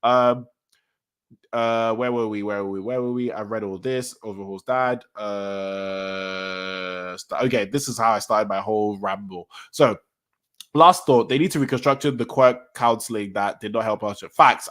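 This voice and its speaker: A man streaming a casual manga reaction, rambling excitedly and correcting himself as he goes. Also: medium pitch, moderate pace. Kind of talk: casual live-stream talk.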